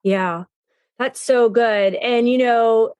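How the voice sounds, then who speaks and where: A woman with a higher voice hosts a podcast in a casual, affirming way. She chats easily and encourages her guest often. The recording is dry and close. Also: darkish tone, clean tone, no room sound. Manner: affirming and chatty, quick agreeing responses. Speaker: podcast host. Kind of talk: casual conversational interview.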